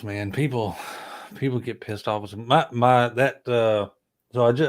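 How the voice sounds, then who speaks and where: A man in a casual chat who talks bluntly and emphatically and swears freely. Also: fairly low pitch. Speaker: guest co-host.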